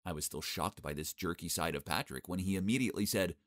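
A young man narrating a first-person animated story in a cocky, sarcastic, expressive way. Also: deep voice, quick pace, hardly any pauses, no room sound, studio quality.

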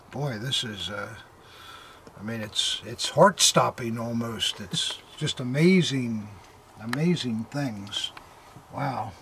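This is a militaria dealer hosting an unboxing, an older man whose medium-pitched voice stays relaxed but hesitant. His casual chat is full of fillers and awed exclamations, with a little faint noise under the audio.

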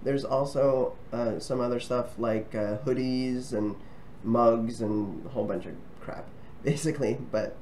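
A man's voice: mid-range voice, steady tone, measured pace, hardly any pauses, darkish tone, slight background noise. A man casually talking to camera as a travel vlogger, friendly and rambling, with frequent ums and restarts. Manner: friendly and chatty.

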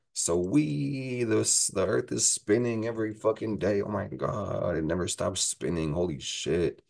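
A man's voice: a bass voice, darkish tone. A man giving a casual astrology forecast, profane and rambling, joking as he goes through the week. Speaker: astrology vlogger.

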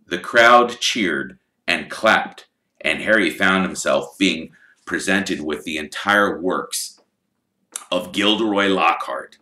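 A man narrating a storybook in an animated, expressive way. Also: low-pitched, takes it slowly, echoey room, rough recording. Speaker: audiobook reader. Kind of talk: storybook reading.

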